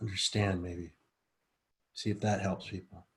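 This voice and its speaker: A middle-aged man teaching a live online class, chatting casually and then talking the group slowly through a relaxation exercise. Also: sits low. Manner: relaxed, coaxing, speaks slowly and softly when guiding. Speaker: teacher leading a group session.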